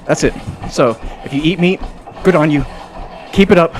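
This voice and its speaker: A man's voice: fairly high pitch, moderate pace. A man ranting casually and a bit preachily while gaming on a treadmill. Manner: talkative, preachy, rambling; exercising on a treadmill while talking. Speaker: gaming streamer. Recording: music clearly behind.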